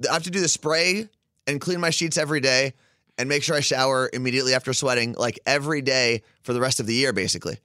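A man's voice: medium pitch, fast talker, bright, forceful tone, no room sound, studio quality. A man from Minnesota co-hosting a podcast, chatting casually in a rambling, jokingly defensive way. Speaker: podcast co-host. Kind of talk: casual chat.

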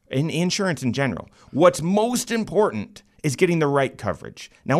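A man hosting a finance talk show, a financial planner who talks in a lively, joking way with animated emphasis. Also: mid-range voice.

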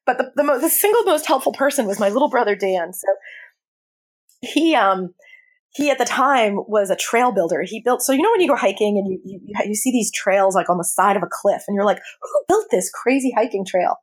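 A woman appearing as an interview guest recounts a personal story in a candid, animated way, laughing often. She speaks briskly at an ordinary middle pitch.

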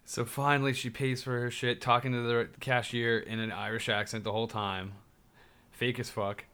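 Young guy, casual storyteller, rambly, filler-heavy, medium-pitched voice. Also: fairly even intonation, normal speed, pushed and bright, smooth. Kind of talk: casual chat.

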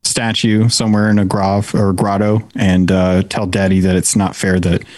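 A man's voice: sits low, flat delivery, moderate pace, darkish tone, no room sound. A man co-hosting a podcast in casual chat, joking and teasing as he talks. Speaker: podcast co-host.

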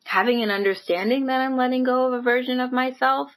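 High-pitched and fast-talking, this woman keeps her intonation fairly even, though the recording quality is low. Her motivational monologue to camera is earnest and encouraging, full of casual "like"s and "right?"s, with light laughter between phrases.

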